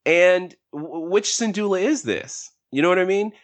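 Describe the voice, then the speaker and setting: A man co-hosting a casual podcast discussion, who rambles with animated emphasis. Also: high voice, normal speed. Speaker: podcast co-host.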